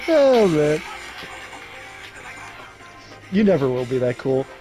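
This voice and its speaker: A man's voice: high voice, wildly swooping pitch, slow, dark tone, soft background music. A man chatting casually with friends while gaming, rambling with restarts and laughing often. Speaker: gamer on a group voice chat. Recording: dull lo-fi voice chat.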